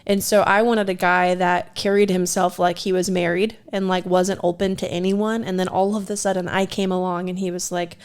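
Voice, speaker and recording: A woman's voice: lowish voice, level tone, normal speed, hardly any pauses, smooth. A woman co-hosting a podcast, telling a personal story in a candid, self-deprecating way and laughing often. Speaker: podcast co-host. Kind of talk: casual storytelling.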